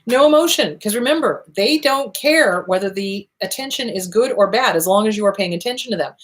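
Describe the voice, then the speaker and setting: A woman's voice: expressive, a little fast, hardly any pauses. A woman hosting an advice show, answering viewer questions in a blunt, emphatic way, repeating short commands for emphasis. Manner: acts out quoted voices with big pitch swings. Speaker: host answering viewer questions on abuse recovery. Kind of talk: casual advice talk.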